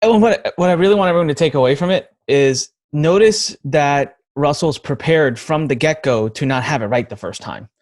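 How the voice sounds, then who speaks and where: A man's voice: fairly high pitch, normal speed, few pauses. A man in his thirties hosting a podcast interview, talking in an easygoing, joking way. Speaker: podcast host.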